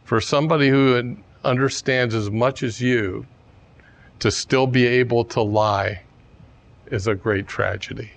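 A man's voice: medium pitch, steady tone, measured pace, vocal fry. A man quoting a toothless old hag woman in a story, barely changing his own voice. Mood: questioning.

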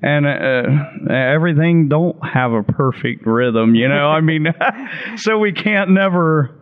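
A man's voice: on the high side, animated, slow pace, narrow, tinny audio. Rambling man asking a question. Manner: rambling, searching for words, many fillers. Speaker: audience member asking a question. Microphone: question microphone.

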